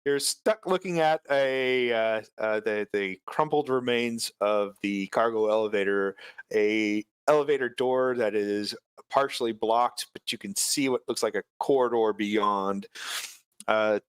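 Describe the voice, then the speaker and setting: Man running a tabletop game, resonant voice, dry close sound, halting with fillers. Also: fairly low pitch, clear, resonant tone, dry recording. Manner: hesitant, many filler sounds. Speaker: game master.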